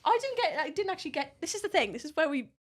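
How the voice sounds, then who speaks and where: A young woman telling a story as a podcast guest, animated, laughing often and swearing freely. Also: high-pitched, very fast. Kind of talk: casual storytelling.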